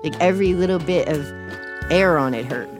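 Low-voiced woman from Texas, candid. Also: a little fast, over music. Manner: casual and candid, with "like" fillers. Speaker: interview guest. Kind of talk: personal storytelling in an interview.

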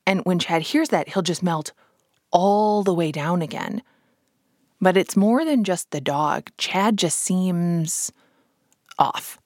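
A woman narrating a documentary in a measured storytelling voice, recorded close in a studio as a voice-over. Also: on the low side, darkish tone, dry recording.

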